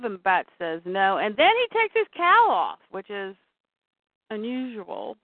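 A woman's voice: mid-range voice, huge pitch swings, a little slow, no echo. A woman casually retelling a comic book issue scene by scene and slipping into the characters' lines as she goes. Her voice comes through thin and phone-like, with a dry, close sound.

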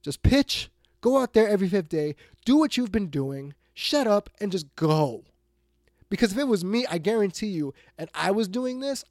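A man's voice: on the high side, no room sound. Exasperated male sports talk host, dry mic. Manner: blunt, exasperated, swings between loud outbursts and muttered asides. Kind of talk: ranting sports talk monologue.

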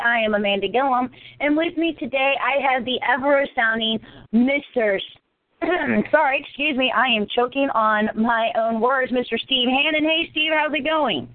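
A chatty woman from hosts her podcast in a higher voice and jokes about herself as she goes. The sound is thin and phone-like, dry with no room. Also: normal speed, dry recording. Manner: chatty, self-joking. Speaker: podcast host. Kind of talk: casual interview chat. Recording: tinny, phone-like dry audio.

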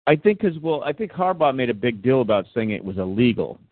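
A man's voice: medium pitch, sing-song, fast, dry recording. Rambling man hosting sports talk, tinny line. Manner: rambling, many restarts and fillers. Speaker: podcast host. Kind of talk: casual sports chat.

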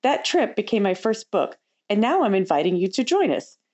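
Woman podcast host, casual scripted travel talk, middle-aged, bright upbeat delivery. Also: mid-range voice, very animated, moderate pace, highs cut off. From United States.

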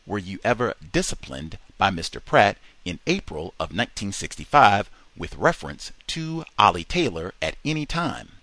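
A man's voice: lowish voice, very animated, moderate pace, few pauses, pushed and bright, dry recording, full character voice. A man reading a formal courtroom lawyer. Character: formal male defense attorney addressing court.

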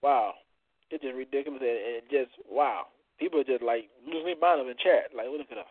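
A man's voice: mid-range voice, a little fast, slightly rough, no room sound. A man hosting a call-in show with casual, exclamatory, hyped banter. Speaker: host. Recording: phone line.

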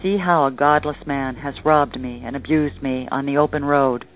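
A man's voice: mid-range voice, fairly even intonation, moderate pace, close to an everyday voice. A man voicing a frightened old male miser who wails and pleads, read from a storybook. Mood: pleading. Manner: wailing, pleading. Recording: tinny phone-like line, faint music.

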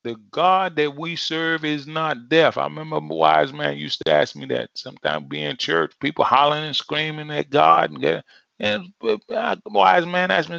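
A man's voice: a little high, expressive, normal speed, gravelly, bright, forceful tone, no room sound. A man preaching a sermon in a conversational, emphatic way, repeating phrases for effect. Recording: dull lo-fi sound.

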